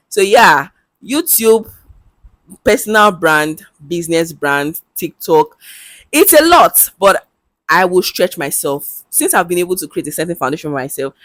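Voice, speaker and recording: Speaking to camera in a relaxed vlog, this young Nigerian English-accented woman has a voice on the low side, captured in a dry recording. She chats openly, breaks into laughter readily and sprinkles in local slang.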